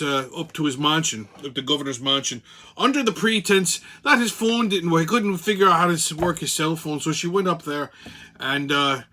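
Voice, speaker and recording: A man's voice: on the high side, bright, forceful tone. A man with a Brooklyn accent hosting a casual commentary vlog. He talks in a brash, joking way and swears freely. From New York. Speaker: channel host.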